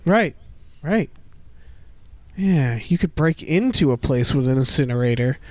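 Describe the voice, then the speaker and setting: Wry joking podcast co-host, dry sound. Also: male voice, mid-range voice, animated, unhurried, no room sound. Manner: wry, joking, swears freely. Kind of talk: casual film discussion.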